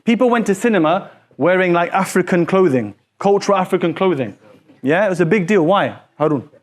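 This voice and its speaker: A man teaching a classroom lesson, quizzing his students with quick repeated questions in an animated way. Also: high voice.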